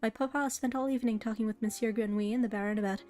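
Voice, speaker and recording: A woman voicing a young, naive noble girl who is a cat, high and chirpy. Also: steady tone, very fast, faint music behind, lightly acted. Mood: sweet, chirpy. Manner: bright, chirpy and polite.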